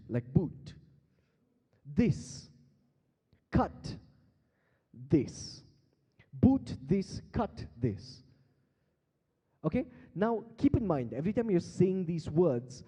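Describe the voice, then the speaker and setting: A man's voice: fairly high pitch, dark tone, husky. A man teaching beatboxing from a conference stage, playfully quizzing the crowd on a handheld mic, laughing often. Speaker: beatbox performer teaching the audience. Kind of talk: live interactive stage workshop. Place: large conference hall stage. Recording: long hall reverb from a stage PA.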